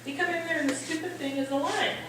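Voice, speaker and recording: A middle-aged woman doing stand-up storytelling, animated, acting out voices and laughing often. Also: extremely high pitch, fast talker, a crowd in the background. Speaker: stand-up comedian. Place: hall at a holiday party. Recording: echoey hall from far off.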